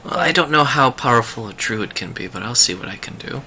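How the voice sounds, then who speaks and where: A man's voice: medium pitch, animated, brisk, bright, forceful tone, a little hiss or hum. A man voicing a guarded female elf druid.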